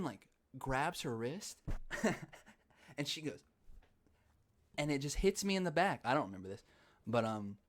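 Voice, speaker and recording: A man's voice: a little high, no room sound. Rambling young man hosting a podcast. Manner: rambling, laughs often, swears casually. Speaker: podcast host. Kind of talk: casual chat.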